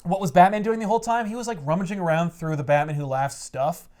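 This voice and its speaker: Animated man recapping a comic. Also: sits high, quick pace. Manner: animated storytelling, frequent laughs. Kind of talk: casual comic book recap.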